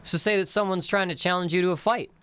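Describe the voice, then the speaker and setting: A man teaching his constructed language on a live stream, in a slow, explanatory way that breaks phrases into their literal word-by-word meanings. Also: high-pitched, fairly even intonation, bright, forceful tone, slight background noise.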